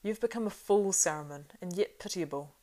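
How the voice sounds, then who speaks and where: A woman's voice: fairly low pitch, warm tone, natural voice. Woman reading as a stern old wizard. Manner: grave, measured authority.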